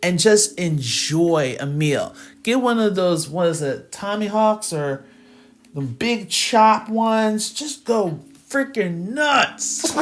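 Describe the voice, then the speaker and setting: A woman who hosts a math channel, giving a casual motivational rant to her viewers, laughing often and answering live chat. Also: slow. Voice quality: lively, swinging pitch. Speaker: math teacher and channel host.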